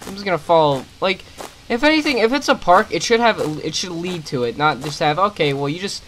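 A young man talks over a horror game he is playing, pitched a little high for a man. He grumbles, curses and makes sarcastic jokes as he goes. Faint background noise sits under his voice. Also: big pitch swings, a little fast, fairly bright tone, rough recording. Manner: swearing, irritated, sarcastic asides. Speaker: gaming commentator. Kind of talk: let's play commentary.

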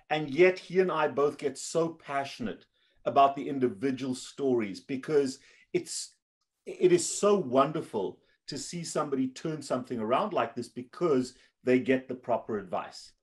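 A man hosting a conversation as a physician, speaking enthusiastically in quick bursts with repeated restarts. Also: medium pitch. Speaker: physician host. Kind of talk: conversational interview.

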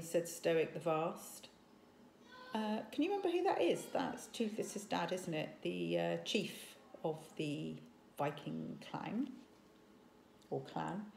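A woman teacher reading a story aloud to children, animated, and stopping to ask questions. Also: lowish voice, slow pace, gravelly, slight background noise. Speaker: primary school teacher. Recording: echoey room.

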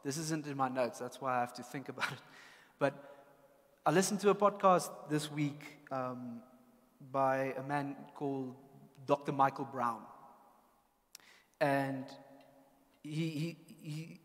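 A man's voice: mid-range voice, a little slow, long pauses, a bit bright, in a large hall. A South African man preaching a sermon as a pastor, speaking in an earnest, personal and candid way. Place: church.

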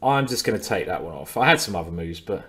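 A man's voice: low-pitched, lively intonation, quick pace, pushed and bright. A man coaching chess on a live stream in a chatty, playful way, often repeating his words. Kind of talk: casual live-stream commentary.

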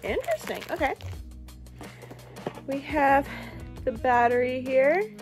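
A young woman talks through an unboxing in a casual vlog, her voice on the higher side and her pace slow and unhurried. She gushes with excited exclamations over each item, with faint music playing behind her. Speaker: vlogger.

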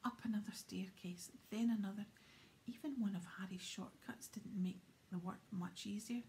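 A woman reading a storybook aloud in a soft, steady whisper. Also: mid-range voice, moderate pace, creaky, slight background noise. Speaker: audiobook reader.

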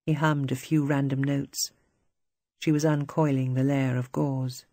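Brief: literary audiobook narrator, dark and raspy, close and dry sound. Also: medium pitch, flat delivery, measured pace, dry recording. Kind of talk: scripted narration.

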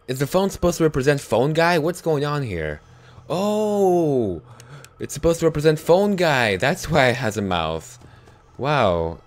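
A young man talks through a horror game in a lively voice that jumps around a great deal. He mutters under his breath, then breaks into startled yelps. It sounds like casual let's play commentary into a desk mic. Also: mid-range voice. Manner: jittery, swings from hushed muttering to yelps. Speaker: gaming YouTuber.

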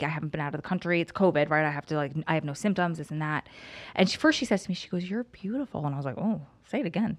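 A middle-aged woman co-hosting a podcast, telling a story in casual conversation and acting out what others said. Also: lowish voice. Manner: animated, acts out quoted voices. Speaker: podcast co-host.

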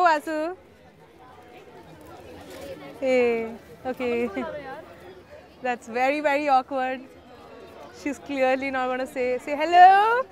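A woman hosting a TV interview, chatty and playful. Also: high voice. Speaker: talk show host. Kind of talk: TV interview and scripted intro.

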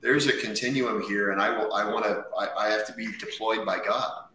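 A man's voice: on the low side, fairly even intonation, fairly quick, bright, forceful tone, roomy sound, far from the mic, slight background noise, low-quality recording. A male podcast host who asks curious follow-up questions and jumps in to steer the conversation. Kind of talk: interviewer conversation.

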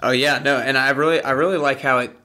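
A man with a bright, crisp voice hosts a casual interview. He rephrases his guest's ideas in a loose, conversational way and often says "like". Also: medium pitch, fairly even intonation, fast. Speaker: podcast host.

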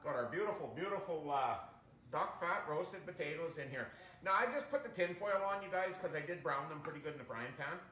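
A man with a fairly high-pitched voice talks fairly quickly while hosting a casual home kitchen cooking demonstration. He chats constantly and calls viewers "you guys," recorded in an echoey kitchen with loud frying sizzle.

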